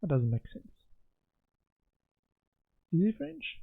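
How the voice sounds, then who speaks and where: A man's voice: fairly high pitch, wildly swooping pitch, takes it slowly, vocal fry, slightly rough. A man streaming a game, thinking aloud as he puzzles over clues. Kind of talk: gameplay commentary. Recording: muffled lo-fi sound with faint game music.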